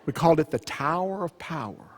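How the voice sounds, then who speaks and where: A man telling a humorous family story at a church retreat, animated and playful. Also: a little high, a little fast, slightly rough. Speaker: retreat speaker. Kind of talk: storytelling talk. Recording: long church reverb.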